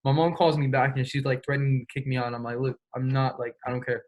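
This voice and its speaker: Young man, interview guest, slangy and profane, casual storytelling, mid-pitched voice. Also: little pitch movement. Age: young adult. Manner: slangy, profane, quick retelling with quoted dialogue.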